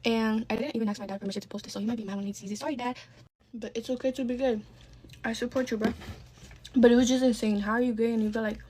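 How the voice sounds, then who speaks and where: Brief: female storyteller, casual and rambling, fast delivery. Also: a little high, fairly even intonation, mellow, a little hiss or hum. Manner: candid, swears freely, rambling asides.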